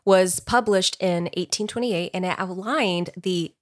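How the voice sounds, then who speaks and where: A woman with a slightly low voice co-hosts a casual podcast. She recounts researched facts in a narrating tone, relaxed and quick to giggle. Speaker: podcast co-host. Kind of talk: casual chat with read-out research.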